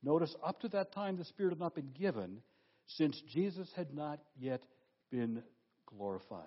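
A man preaching a sermon as pastor, emphatic, asking rhetorical questions and slowing down on key phrases. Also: on the high side, sing-song, lo-fi sound.

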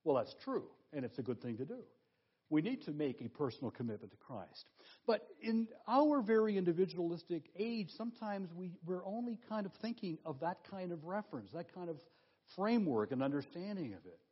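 Husky-voiced preacher with lively delivery. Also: male voice, sits high, highs cut off. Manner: emphatic preaching, rhetorical questions, slows for key phrases. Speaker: pastor. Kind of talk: sermon.

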